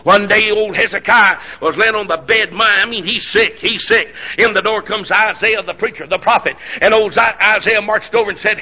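A man preaching a revival sermon, telling Bible stories in a folksy way with many "uh"s and shouted climaxes. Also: high-pitched, normal speed, few pauses. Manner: folksy storytelling preacher, frequent "uh", shouting peaks. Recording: dull lo-fi radio broadcast.

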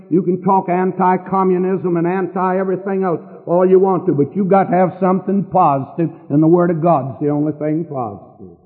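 An older man preaching a sermon from a church pulpit with earnest, emphatic pauses. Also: high-pitched. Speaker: pastor. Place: church sanctuary. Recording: distant hall on a tinny lo-fi recording.

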